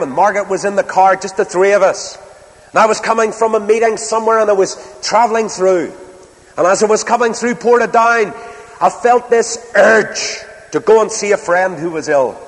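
Northern irish preacher guy, highish voice, slow dramatic pauses, big echoey church hall. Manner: emphatic, storytelling preacher with dramatic pauses and slow stressed phrases. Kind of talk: sermon. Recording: reverberant hall.

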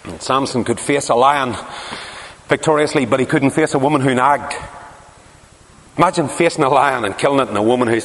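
Speaking a little fast but with long pauses, a medium-pitched man delivers a sermon full of stories and emphatic rhetorical questions. The large hall gives a long reverb, and a slight hiss or hum sits in the recording.

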